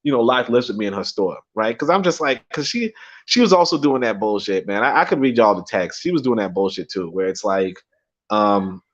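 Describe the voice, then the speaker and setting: Rambling and laughing often, a young livestream host curses freely and repeats himself in a casual stream. His lowish voice is animated and a little fast, and the audio is dull and lo-fi.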